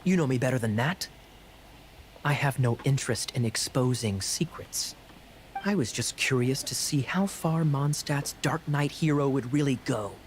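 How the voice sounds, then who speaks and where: An actor playing a sly, amused male knight captain in a video game, with smooth, playful teasing. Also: mid-range voice, normal speed, a little hiss or hum, natural voice.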